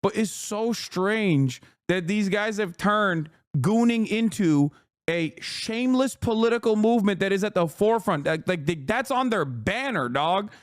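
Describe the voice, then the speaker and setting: High-pitched man ranting on a stream. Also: unhurried, no echo, clean studio sound. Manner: animated, profane, mocking rant with frequent laughs. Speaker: streamer reacting to videos. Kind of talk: casual livestream reaction commentary.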